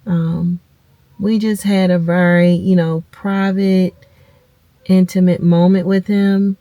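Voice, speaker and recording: Grieving woman, low voice. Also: level tone, warm tone, dry recording. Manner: tearful, halting, addresses viewers as y'all. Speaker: vlogger. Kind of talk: emotional personal storytelling to camera.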